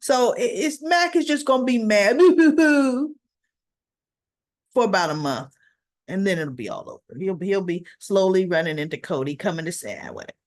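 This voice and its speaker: A woman's voice: mid-range voice, animated, unhurried, a little mellow. A woman reviewing a soap opera episode in a casual recap, telling it in a chatty, rambling way with asides.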